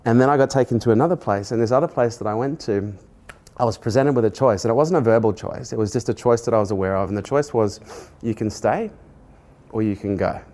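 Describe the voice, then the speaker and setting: A middle-aged man, a podcast host earnestly telling a personal story in conversation and growing animated as he recounts it. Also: mid-range voice, fast talker. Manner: earnest, animated when retelling dialogue, laughs at himself.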